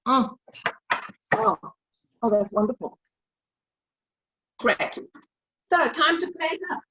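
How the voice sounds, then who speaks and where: Middle-aged woman, cooking demo host on a video call: chatty storyteller, slightly high, husky, dry and dull line. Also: sing-song, slow pace, bright, forceful tone, no echo. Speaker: cooking demonstrator.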